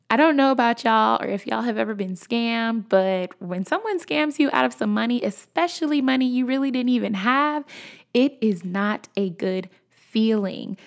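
Chatty young woman with creaky voice. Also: on the high side, measured pace. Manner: chatty, addresses viewers as y'all. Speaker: storyteller vlogger. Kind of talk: casual storytelling.

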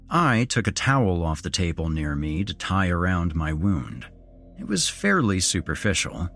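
A man's voice: low voice, a bit bright. A man telling a first-person horror story, dramatic and moving between wry asides and tension.

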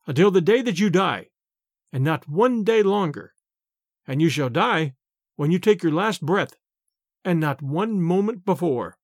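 A cheerful country shepherd talks plainly and boldly, put on by a male storyteller. His voice rides high with lots of lift, close-miked and dry. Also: expressive, measured pace, no room sound. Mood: sly. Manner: plainspoken, confident. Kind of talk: storybook character voice.

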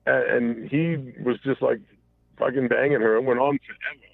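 A man calling in and telling a personal story casually, halting and profane, full of restarts. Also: mid-range voice, steady tone, creaky, no echo. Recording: tinny phone line.

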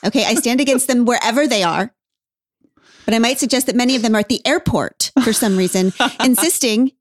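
A woman's voice: fairly high pitch, dry recording, clean studio sound. A woman hosting a podcast in casual chat, wry and emphatic, laughing often. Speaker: podcast host.

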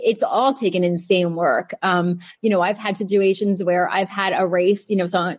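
Candid, emphatic woman, low-pitched voice. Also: no room sound. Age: 30s. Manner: candid, emphatic, repeats phrases. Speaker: guest, jewelry designer. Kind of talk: casual interview answers.

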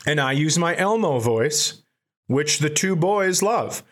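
A man's voice: fairly high pitch, expressive, takes it slowly. Profane joking man telling stories. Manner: profane, laughs through his own stories. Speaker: podcast co-host. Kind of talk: casual comedic storytelling.

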